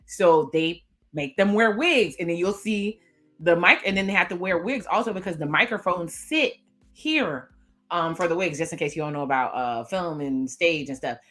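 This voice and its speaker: Lower-voiced woman chatting casually. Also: moderate pace, soft background music. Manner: chatty, expressive, reads character lines aloud. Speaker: reaction video host. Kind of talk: casual commentary recapping a TV episode.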